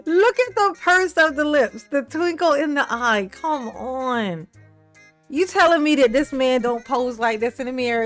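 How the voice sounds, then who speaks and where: A woman with a fairly high voice riffs on a news clip in loose, sassy commentary. She mocks, cusses freely and laughs often, sometimes slipping into exaggerated impressions of the people involved. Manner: breaks into exaggerated mimicking voices. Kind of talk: casual reaction commentary.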